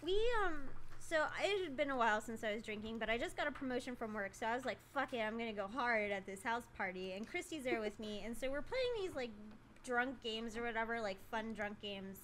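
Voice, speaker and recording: A woman's voice: on the high side, animated, a little fast, fairly bright tone, a little hiss or hum. Rambling young woman telling a party story. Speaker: podcast co-host. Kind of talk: casual chat.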